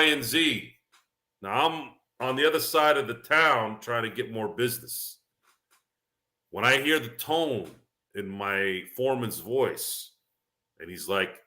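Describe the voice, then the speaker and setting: Deep, bright and forceful, this man's voice drives a tipsy, casual sports talk monologue. As the show host, he rambles emphatically, drifting from basketball to life lessons with preachy asides.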